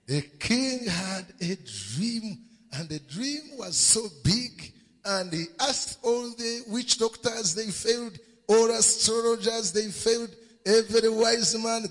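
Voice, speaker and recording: A man's voice: high voice, expressive, slow, fairly bright tone. A man preaching a sermon, telling a story with emphatic repeated refrains and calling on the congregation to answer. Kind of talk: sermon storytelling with call and response. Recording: long hall reverb.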